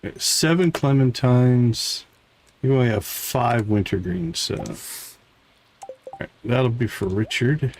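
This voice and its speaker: A man's voice: medium pitch, takes it slowly, rough recording. Midwestern guy chatting through his farm game on stream, easygoing, a little hiss behind him. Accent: American Midwestern. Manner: relaxed, chatty, talking to chat while playing. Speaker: gaming streamer. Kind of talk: casual live gameplay commentary.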